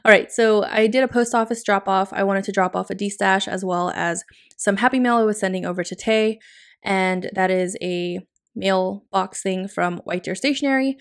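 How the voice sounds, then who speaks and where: Decorating her planner, a woman vlogger narrates casually in a voice-over at medium pitch, staying upbeat and quick to laugh.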